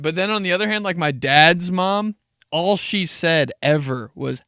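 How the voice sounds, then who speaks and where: A man's voice: high voice, a little slow, pushed and bright, clear, resonant tone, no room sound, studio quality. A man hosting a casual solo podcast, telling stories in a laid-back, profane way with frequent laughs. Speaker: podcast host.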